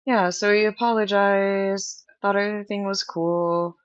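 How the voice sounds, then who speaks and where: A woman's voice: mid-range voice, fairly even intonation, measured pace, no room sound, highs cut off. A woman hosting a livestream, chatting candidly to viewers and rambling through stories with lots of fillers. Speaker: livestream host. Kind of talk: casual chat to stream viewers.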